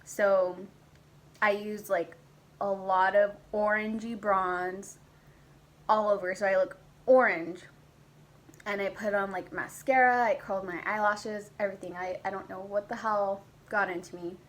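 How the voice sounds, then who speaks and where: A young woman talking straight to her camera at home, telling a personal story in a loose, chatty way. Her pitch sits in the middle and her delivery is lively, with casual swearing and sudden squeaky impressions of herself. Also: a little slow, poor audio. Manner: animated, swearing, acts out her past self in high squeaky voices. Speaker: vlogger.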